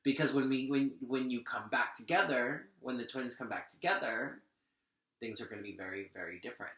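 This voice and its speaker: A man reads tarot aloud, speaking earnestly and straight to the listener as he shuffles and lays out cards. His voice is bright and forceful. The room gives it a noticeable echo. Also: mid-range voice, fairly quick. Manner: earnest, addresses the listener directly as "you". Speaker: tarot reader. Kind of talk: spoken tarot reading. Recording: echoey room.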